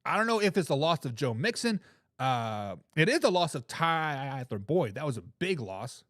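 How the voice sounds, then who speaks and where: A man's voice: fairly high pitch, sing-song, normal speed, a bit bright, no room sound, clean studio sound. A man hosting a casual sports talk show, reading out viewer comments, repeating his points with emphasis and laughing between remarks.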